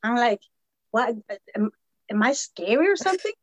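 A woman's voice: fairly high pitch, normal speed, no echo, rough recording. A woman casually telling a podcast host how she met her husband, acting out every line of dialogue. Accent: Latina American English. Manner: animated, acts out quoted dialogue. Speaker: podcast guest. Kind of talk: casual storytelling chat.

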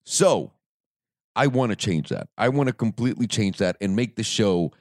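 An animated man co-hosts a podcast in casual chat, his voice lowish at a moderate pace. The sound is clean studio quality with no room sound.

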